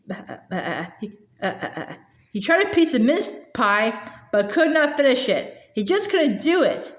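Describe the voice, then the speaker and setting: A woman reads a children's novel aloud in a high, animated voice. She often stalls on drawn-out filler sounds and restarts words, and the recording sounds roomy and echoey. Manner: hesitant, with many filler sounds and stumbles. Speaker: storybook reader.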